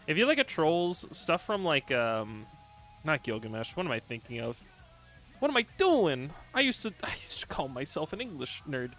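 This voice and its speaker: A man chats loosely on a livestream, rambling and joking with plenty of laughs and fillers, his pitch swinging widely. His voice has a bright, forward edge, and soft music runs quietly under him. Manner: reads and answers viewer chat. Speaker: streamer. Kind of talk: casual livestream chat.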